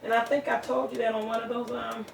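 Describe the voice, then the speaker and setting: A woman's voice: a little high, little pitch movement, fast talker, gravelly, a crowd in the background. A middle-aged woman vlogging from her home kitchen, telling rambling stories in a chatty, casual way. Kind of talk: casual chat.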